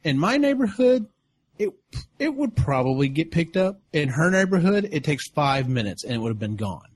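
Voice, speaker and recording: A man co-hosting a podcast in casual chat, relaxed and telling anecdotes by quoting himself. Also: on the high side, moderate pace, slightly rough.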